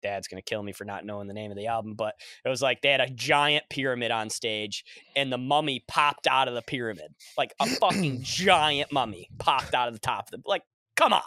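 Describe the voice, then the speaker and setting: A man's voice: medium pitch, a little fast, sharp tone, no room sound. A young man hosting a podcast in casual chat, loose and profane. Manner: loose, profane, laid-back. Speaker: podcast host.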